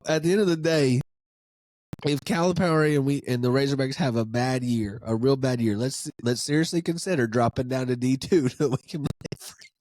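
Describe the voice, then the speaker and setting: A man's voice: mid-range voice, no echo. A man hosting a casual sports podcast, ranting in disbelief and laughing often. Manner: incredulous, laughing, animated ranting. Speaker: podcast host.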